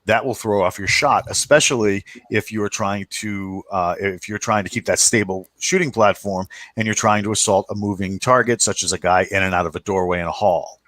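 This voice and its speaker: A man with a lowish voice hosts a casual podcast chat. He rambles in a loose, slangy way and keeps restarting his sentences. The sound is dry and close. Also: steady tone, brisk, hardly any pauses, fairly bright tone, no echo. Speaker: podcast host.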